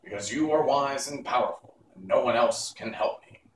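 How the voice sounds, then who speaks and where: A man's voice: mid-range voice, normal speed, echoey room, distant mic, slight background noise, natural voice, rough recording. A man reading aloud and voicing a humble, earnest scarecrow in an everyday voice. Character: humble brave scarecrow made of straw.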